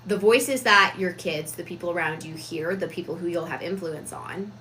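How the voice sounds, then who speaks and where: A woman giving a reflective, casual talk on personal growth, deliberate with frequent fillers. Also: fairly low pitch, pushed and bright, a little hiss or hum, rough recording. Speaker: self-improvement vlogger.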